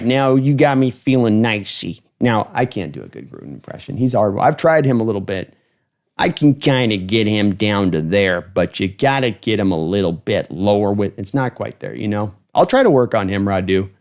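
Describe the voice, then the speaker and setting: A man's voice: lowish voice, expressive, normal speed, a little mellow. Chatty man hosting a sports livestream. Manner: rambling, chatty, thanking donors. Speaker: host of a football fan channel livestream. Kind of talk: casual livestream commentary.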